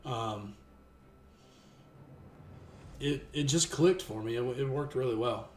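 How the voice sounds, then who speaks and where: A man in his thirties telling a long, rambling story in casual chat, restarting often and getting lively when he quotes people. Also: medium pitch, takes it slowly. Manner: rambling with many restarts, animated when quoting others. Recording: echoey room with faint music.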